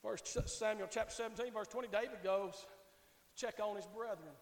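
Male pastor, fiery revival preaching that swings from quiet to shouting, high-pitched, roomy church echo. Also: normal speed. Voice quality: shouting Southern preacher, swings from hushed to hollering. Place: church sanctuary. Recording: echoey church hall reverb.

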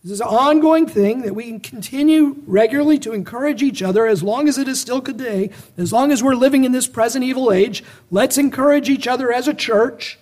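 A man's voice: very high-pitched, fairly quick, few pauses, darkish tone. A man preaching a sermon, pressing his listeners with a string of searching rhetorical questions and earnest exhortations.

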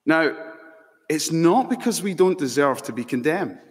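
A man preaching a sermon as pastor, slow and emphatic, building to fervent peaks. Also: a little high, animated, breathy edge. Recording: long hall reverb.

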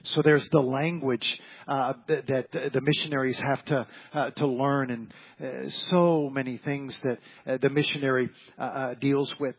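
A man's voice: medium pitch, steady tone, unhurried, husky, muffled recording. A man preaching an evening church sermon as pastor, folksy and repetitive, often acting out the voices of people in his stories. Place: church sanctuary.

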